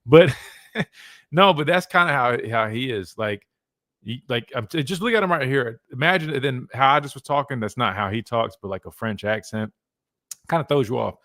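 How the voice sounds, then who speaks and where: A man's voice: medium pitch, lively intonation, normal speed, fairly bright tone, dry recording, studio quality. Laid-back man hosting sports radio. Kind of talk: casual sports talk. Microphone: studio mic.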